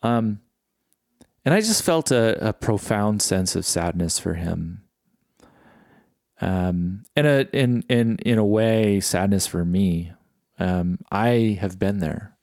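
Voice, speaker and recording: A middle-aged man reflecting in a casual solo podcast monologue, halting and full of fillers and restarts. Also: fairly low pitch, expressive, darkish tone, no echo, studio quality. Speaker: podcast host.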